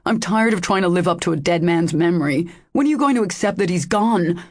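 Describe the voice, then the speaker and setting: A woman's voice: fairly low pitch, expressive, a little fast. A woman voicing a jealous, angry lover who speaks harshly and coldly, in an audiobook. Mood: harsh, bitter. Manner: harsh, cold, cutting.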